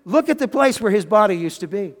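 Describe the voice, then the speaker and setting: A man's voice: high voice, sing-song, fairly quick, big-room sound. A man voicing a shining angel who speaks in a kindly, reassuring, coaxing way in a sermon retelling.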